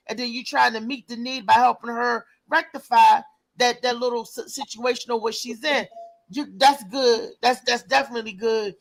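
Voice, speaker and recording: A woman hosting a casual talk show, lively and prone to repeating words as she starts a thought. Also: fairly high pitch, poor audio. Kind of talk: casual call-in chat.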